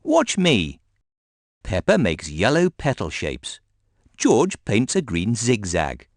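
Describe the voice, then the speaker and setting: Slow, lively male storybook narrator. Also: lowish voice, no echo, clean studio sound. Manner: gentle, sing-song storytelling. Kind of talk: scripted children's story narration.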